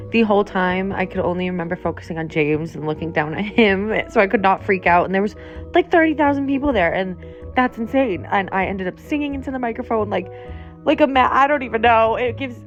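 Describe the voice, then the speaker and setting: A young woman recalls a friend in a casual, giggly way, peppering her talk with "like". Her voice sits at an everyday pitch. The recording is muffled and lo-fi, with soft music playing quietly behind her. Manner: giggly, lots of "like" fillers. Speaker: friend sharing a memory. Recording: dull lo-fi audio.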